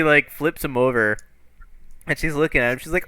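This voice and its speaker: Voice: mid-range voice, moderate pace, pushed and bright, smooth, no room sound, soft background music. A game master narrating a tabletop game in a loose, chatty way full of fillers.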